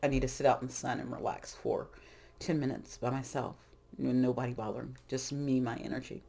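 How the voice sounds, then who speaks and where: A middle-aged woman talks through a tarot session in a loose, frank, rambling way. Her voice sits low with a gravelly, fried edge. She often breaks off and restarts her sentences. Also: level tone, fairly quick, warm tone. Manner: rambling, frank, self-interrupting. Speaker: tarot reader. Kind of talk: casual spiritual talk.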